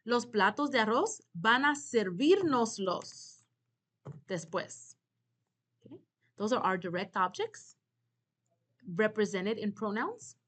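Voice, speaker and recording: A woman's voice: medium pitch, very animated, slow pace, long pauses, fairly bright tone. Female instructor, lecture style, patient step-by-step explanations to students. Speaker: Spanish teacher.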